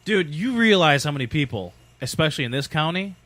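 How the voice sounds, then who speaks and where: Male co-host, bright and animated, slightly raised pitch, joking questioner. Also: fairly quick, no echo. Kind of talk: casual podcast chat.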